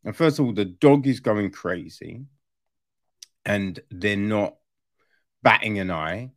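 A man's voice: on the low side, takes it slowly. A man giving a casual, rambling film review rant, exasperated and swearing freely.

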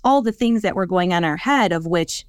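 A woman's voice: lowish voice, animated, fairly quick, clean tone, no room sound, studio quality. A woman hosting a podcast, enthusiastic and asking long, winding questions of her guest. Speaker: podcast host. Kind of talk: interview conversation.

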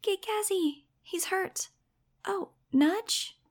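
A woman voicing a young winged girl who calmly takes charge and gives clear orders in an audiobook. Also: extremely high pitch, very slow, echoey room, big-room sound, pitched above the performer's own voice, heavily acted. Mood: urgent. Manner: bossy yet gentle, giving clear orders. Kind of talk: audiobook character voice.

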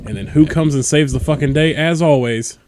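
A man's voice: fairly high pitch, brisk, a little mellow. Laid-back young man chiming in. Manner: laid-back, swears casually, chimes in briefly. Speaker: podcast co-host. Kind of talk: casual anime recap chat.

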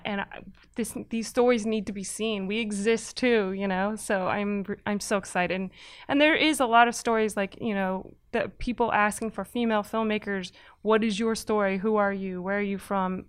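Clear-voiced animated woman filmmaker. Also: mid-range voice, moderate pace, no echo. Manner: animated, talkative, laughs often. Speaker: filmmaker guest. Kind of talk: casual interview chat.

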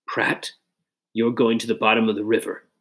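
A man's voice: on the low side, little pitch movement, moderate pace, a bit bright, close to an everyday voice. A man voicing a bold, commanding young inventor. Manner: firm, decisive orders.

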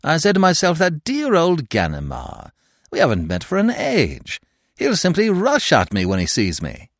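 A man voicing a suave, teasing young gentleman thief who talks in a playful, mock-affectionate way. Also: a little high, wildly swooping pitch, normal speed, no echo, studio quality, voice pushed up, full character voice.

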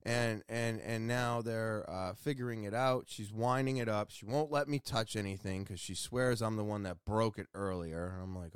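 A man with a fairly low voice rants his way through a casual story, blunt and exasperated and cursing freely. The recording is dry and close, with little room sound. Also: moderate pace, hardly any pauses, clean tone, no echo. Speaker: homeowner telling an anecdote.

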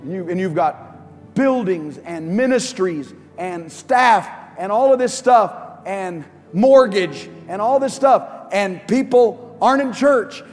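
Preaching slowly with lively intonation, a pastor with a voice that sits high for a man swings between near shouts and hushed, low passages in his sermon. He stands on stage in a large church auditorium, where long reverb lingers after each phrase and music plays underneath.

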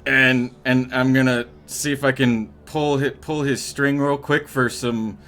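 A man's voice: mid-range voice, little pitch movement, a little slow, fairly bright tone. A man playing a tabletop game, thinking aloud hesitantly with many restarts. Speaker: player.

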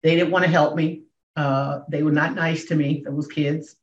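A woman in her sixties, a comedian and speaker, telling her story as a podcast guest with emphatic swings in pitch and volume. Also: steady tone, normal speed, slight background noise. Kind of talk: emotional storytelling in a podcast interview. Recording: echoey, dull room sound.

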